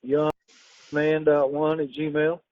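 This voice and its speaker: A man's voice: on the high side, flat delivery, drawn-out words, a little mellow, no room sound. A man selling his house, answering in short, offhand replies on a phone call. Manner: terse, offhand, curt answers. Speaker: home seller on the phone. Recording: tinny phone line.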